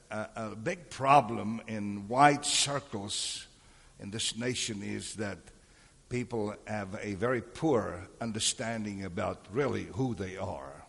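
A man's voice: lowish voice, creaky, fairly bright tone, husky. A man preaching a sermon to a congregation, calling out for amens and responses as he teaches from scripture. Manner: calls for amens and crowd responses. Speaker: pastor. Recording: long hall reverb.

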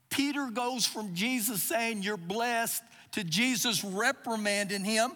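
A man's voice: high voice, slow, few pauses, sharp tone. A man preaching a sermon, reading verses and acting out quotes with emphasis. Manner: expository preaching with dramatized quotes. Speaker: pastor. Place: church service. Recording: live service with long reverb.

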